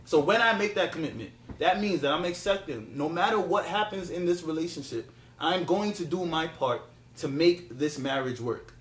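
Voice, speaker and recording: A man with a high, light voice argues hard in a casual podcast debate. He repeats phrases and presses on over interruptions. The sound is roomy and echoey. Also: lively intonation, normal speed, slight background noise. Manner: insistent, repeats himself, talks over others. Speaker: podcast host.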